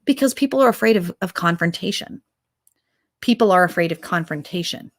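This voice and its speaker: A woman's voice: fairly low pitch, lively intonation, a little fast. A woman, a mother, hosting an opinionated talk show, firing off rhetorical questions and acting out quoted exchanges. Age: adult mother. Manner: impassioned, fires off rhetorical questions; acts out quoted dialogue in other voices. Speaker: host.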